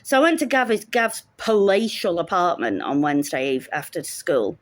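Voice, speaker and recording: Wry woman, low voice. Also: expressive, moderate pace, no echo. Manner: wry, sarcastic storytelling. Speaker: teacher. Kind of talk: casual vlog storytelling.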